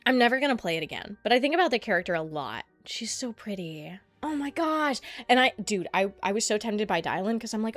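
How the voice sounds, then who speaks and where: A woman streaming casually as she reacts to a trailer, excitable and rambling, with frequent swearing. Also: a little high, dry recording.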